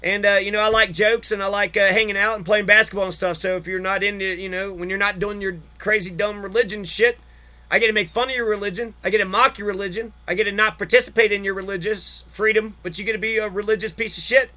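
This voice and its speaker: A man's voice: sits high, fairly even intonation, fast, sharp tone. A man hosting a podcast, ranting about politics with heavy swearing and an exasperated, profane manner. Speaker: podcast host.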